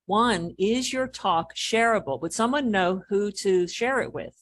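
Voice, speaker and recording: A woman's voice: medium pitch, a little slow, a little hiss or hum. A woman business coach answering as a podcast guest, explaining animatedly and acting out what people say. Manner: animated explaining, acts out quoted remarks.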